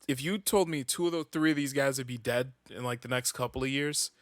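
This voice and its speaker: A man's voice: mid-range voice, a little fast, no room sound, clean studio sound. A man co-hosting a podcast, playful and swearing freely in casual chat. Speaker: podcast co-host.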